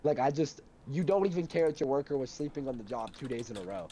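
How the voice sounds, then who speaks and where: A young man telling a heated story in casual chat, animated and swearing a lot. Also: medium pitch, fast.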